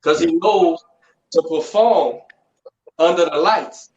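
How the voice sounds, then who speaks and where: A fairly high-voiced man talks bluntly and curses freely as a strength coach trading gym stories. The sound is dull and echoey, like a remote call from a bare room. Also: slow, long pauses, darkish tone, a little hiss or hum. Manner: blunt, profane storytelling. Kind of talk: casual podcast chat.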